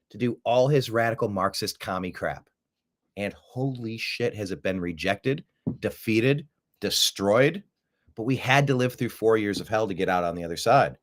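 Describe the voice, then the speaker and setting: Male commentary host, animated pitch, emphatic and mocking. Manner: emphatic, sarcastic, repeats words for effect. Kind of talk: political commentary show.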